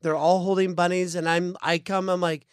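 A man hosting a church podcast, telling stories in a casual chat with lively, animated delivery and quick restarts. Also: high-pitched. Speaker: podcast host.

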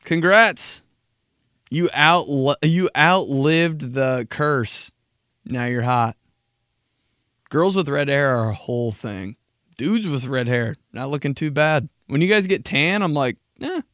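A young man hosting a casual solo podcast, swearing a lot and ranting in an animated, crude way. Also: medium pitch, slow pace, no echo, studio quality. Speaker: podcast host.

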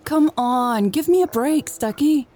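A woman's voice: medium pitch, very animated, unhurried, dark tone, husky, faint music behind, voice pushed up, exaggerated voice. A woman reading an audiobook and voicing Elle, a playful adult woman who teases and scolds a dog. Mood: scolding. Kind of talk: audiobook character voice.

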